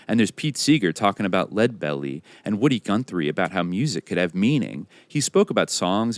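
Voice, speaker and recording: Male podcast host, very low voice, lively delivery, dry close sound. Reads biography passages aloud. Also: dry recording.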